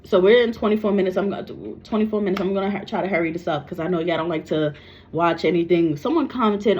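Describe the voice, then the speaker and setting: A woman's voice: on the low side, fast talker, darkish tone, slight background noise. A woman, a psychic medium, talking casually to camera in a blunt, repetitive way and cursing freely. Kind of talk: casual spoken reading to camera. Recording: dull lo-fi recording.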